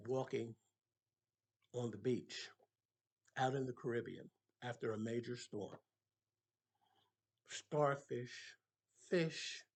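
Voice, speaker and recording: Husky, emphatic older man. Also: medium pitch. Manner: emphatic, preacherly, rising to passionate peaks. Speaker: motivational speaker. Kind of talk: impassioned motivational monologue.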